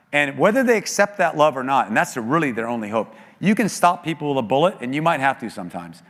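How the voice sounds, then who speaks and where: Earnest male preacher, mid-pitched voice, long reverb of a big church hall. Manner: earnest storytelling, voice dropping low and quiet in grief. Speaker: guest speaker at a church. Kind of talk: sermon testimony. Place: church sanctuary.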